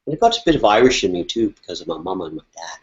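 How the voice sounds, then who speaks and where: A Canadian man co-hosting a live online coaching chat, relaxed and rambling with plenty of fillers. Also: sits low, very fast, dull audio. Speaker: life coach, co-host.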